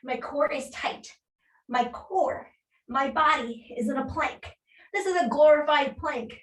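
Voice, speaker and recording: A woman leading a live workout class as fitness instructor, cueing moves and counting reps with steady encouragement while she exercises along, a little out of breath. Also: high voice, a little slow. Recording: echoey room, voice from a distance.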